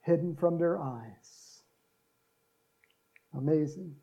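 A man preaching a sermon, joking with the congregation and breaking into loud shouts to act out cheering crowds. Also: on the high side, takes it slowly, highs cut off. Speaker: pastor.

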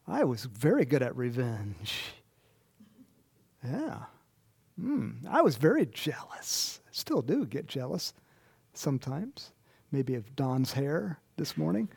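A man's voice: fairly high pitch, vocal fry, a little mellow, breathy edge. A man preaching a conversational sermon in a church, chatty and self-deprecating, laughing often. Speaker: pastor.

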